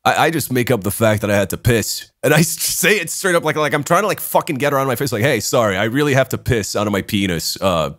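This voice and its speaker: A young man hosting a podcast, telling a story in casual chat, animated, swearing a lot and laughing as he talks. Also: mid-range voice, fast talker, few pauses, dry recording, studio quality. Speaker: podcast host.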